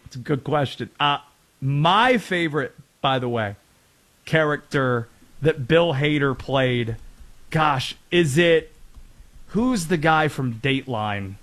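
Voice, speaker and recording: A man's voice: fairly high pitch, animated, takes it slowly, fairly bright tone. A man from North Carolina hosting a casual sports talk show, chatty with rambling asides. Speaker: sports radio host.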